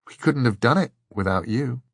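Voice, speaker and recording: A man reading an audiobook, voicing an earnest, soft-spoken young woman with a pixie air. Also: mid-range voice, lively intonation, moderate pace, dry recording, studio quality, voice pushed up.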